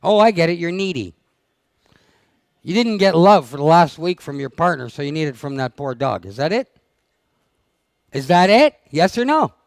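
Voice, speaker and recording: Male seminar leader, high-pitched and gravelly, blunt and needling with his audience. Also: moderate pace, no room sound. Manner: blunt, teasing, fires questions at the audience. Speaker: dog trainer leading a seminar. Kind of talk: live seminar talk to an audience. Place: seminar room.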